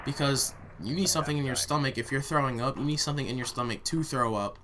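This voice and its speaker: A young man rants bluntly and swears freely as he recounts a rough day, talking casually at home. His voice sits at an ordinary pitch for a man. A clear hiss of noise runs under the recording. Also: quick pace, hardly any pauses. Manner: blunt, heated and profane. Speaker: vlogger. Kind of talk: casual storytime while gaming.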